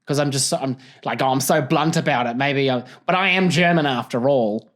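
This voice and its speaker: A man quoting a pregnant woman who worries aloud in hesitant, halting speech, with little change to his own voice. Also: mid-range voice, a bit bright, voice pushed down, natural voice. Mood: fretful. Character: blunt, self-aware pregnant German woman.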